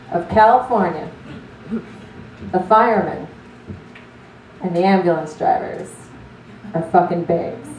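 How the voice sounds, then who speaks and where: A woman telling a stand-up story in an animated, swearing, self-mocking way. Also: mid-range voice, slight background noise. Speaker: stand-up comedian. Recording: roomy, distant mic.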